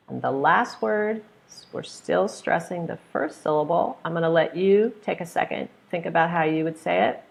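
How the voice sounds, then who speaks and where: Low-voiced American woman teacher with some vocal fry, drawing out words slowly to model stress. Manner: slow, exaggerated modelling of stressed syllables; acts out voices in her stories. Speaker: pronunciation teacher. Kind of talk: online pronunciation lesson.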